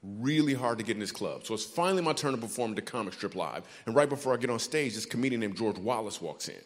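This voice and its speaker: Animated stand-up comedian from Michigan. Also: male voice, fairly low pitch. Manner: animated, playful, with quick asides to the crowd. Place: large theater stage. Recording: hall reverb on a theater stage.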